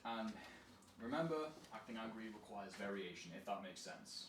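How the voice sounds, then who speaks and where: A man's voice: lowish voice, lively intonation, normal speed. A man coaching a student through acting exercises, upbeat and encouraging, often laughing. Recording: echoey room from a distance with faint noise.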